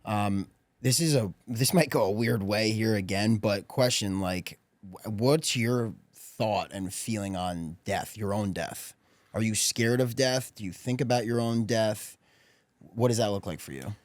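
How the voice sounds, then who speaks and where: A man's voice: lowish voice, unhurried, no room sound. A man interviewing in a casual podcast conversation, speaking thoughtfully with loose, filler-laden phrasing.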